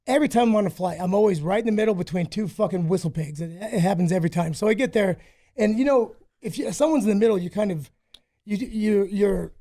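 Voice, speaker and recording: A man's voice: sits high, quick pace, dark tone. A man telling rambling, profane stories about himself in a casual podcast interview. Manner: profane, rambling, self-mocking. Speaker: guest, former fighter.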